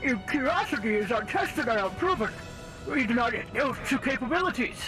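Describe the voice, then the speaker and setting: A woman's voice: fairly high pitch, animated, brisk, music in the background, natural voice, poor audio. A woman voicing a cautious male imperial officer with a hesitant, careful reading. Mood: doubtful.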